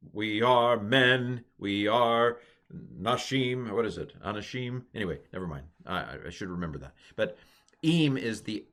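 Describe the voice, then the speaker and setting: A man's voice: fairly low pitch, a bit bright. Chatty man teaching a grammar lesson. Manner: casual, chatty explaining with asides and restarts.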